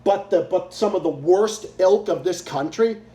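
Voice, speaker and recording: A man's voice: high voice, normal speed, dark tone. A man ranting angrily in a profane, repetitive way, giving political commentary. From Massachusetts, US. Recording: echoey room.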